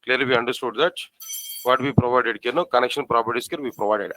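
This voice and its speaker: A man teaching a programming class, spelling out code slowly and asking the students questions again and again. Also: medium pitch, bright, forceful tone, rough recording. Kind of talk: live coding lesson.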